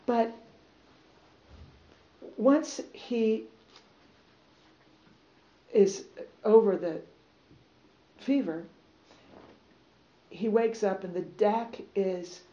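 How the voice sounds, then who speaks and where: A woman reading a passage aloud to an audience, then talking it over in a relaxed, loose way. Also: mid-range voice. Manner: relaxed, loose, many fillers. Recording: roomy, slightly dull recording.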